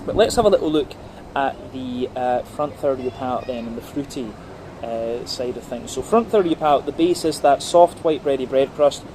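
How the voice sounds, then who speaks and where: A man's voice: mid-range voice, normal speed, noisy background. A man giving a casual, methodical beer tasting review, talking through the flavours layer by layer with plenty of ums and uhs. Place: on a brewery visit.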